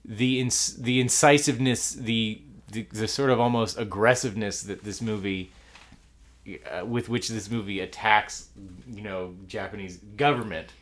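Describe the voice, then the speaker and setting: A man's voice: lowish voice, fairly even intonation, moderate pace, fairly bright tone. A man from the United States co-hosting a podcast, talking animatedly about a film, rambling with fillers and restarts. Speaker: podcast co-host. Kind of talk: casual film discussion.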